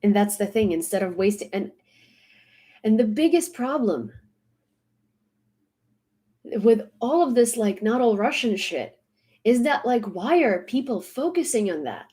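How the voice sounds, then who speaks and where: A woman's voice: a little high, sing-song, a little slow, long pauses, dark tone. A woman delivering a blunt, exasperated vlog rant, hammering her points home by repeating them. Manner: emphatic, repeating points for stress. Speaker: social media commentator.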